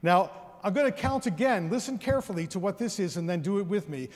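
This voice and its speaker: Man, concert presenter, counts and sings rhythms with the audience, high voice, theater hall echo. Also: fast, a little mellow. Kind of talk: educational concert talk to an audience. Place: large theater with an orchestra. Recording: long reverb of a large theater hall.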